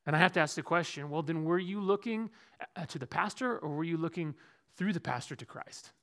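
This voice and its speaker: A man preaches as pastor of a church, with a high voice. His tone is bright and forward, and his sermon moves between loud, emphatic stretches and quiet, dropped asides. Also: fairly quick.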